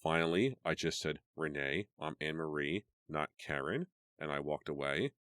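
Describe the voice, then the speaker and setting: A man reading an audiobook, voicing a calm, steady teenage girl who soothes her friend in a quiet voice. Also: a bass voice, moderate pace, no echo. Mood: recounting.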